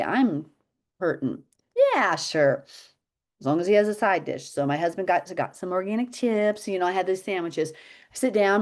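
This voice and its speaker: A woman's voice: lowish voice, a little mellow. A middle-aged woman teaching health habits on a video call, chatty and telling stories with frequent laughter. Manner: chatty storyteller, laughs often. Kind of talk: casual video-call chat.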